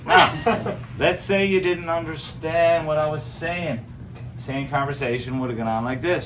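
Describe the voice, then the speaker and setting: A man's voice: on the high side, normal speed, background noise. A man with a Newfoundland accent leading a crowd through a joking screech-in ceremony, playful and teasing. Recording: distant mic with loud background.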